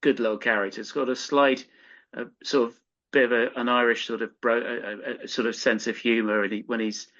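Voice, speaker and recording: A British man chatting on a podcast, halting and searching for his words as he talks. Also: medium pitch, little pitch movement, fairly bright tone. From United Kingdom. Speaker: podcast co-host. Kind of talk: casual podcast chat. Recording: slightly dull lo-fi audio.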